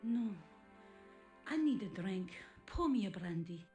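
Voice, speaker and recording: A woman's voice: medium pitch, lively intonation, measured pace, warm tone, soft background music, natural voice. Actress playing a groggy French girl, thick put-on accent, echoey sampling, game voice. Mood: dazed. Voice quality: overdone, theatrical accent. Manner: blunt, sardonic remarks. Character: hungover, dazed young French woman. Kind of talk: 1990s point-and-click game voice acting.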